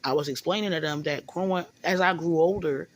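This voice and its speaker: A woman's voice: low voice, fairly quick. A woman venting in a casual monologue, rambling and often stumbling over repeated words. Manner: rambling, repeats words, often says "you know what I'm saying".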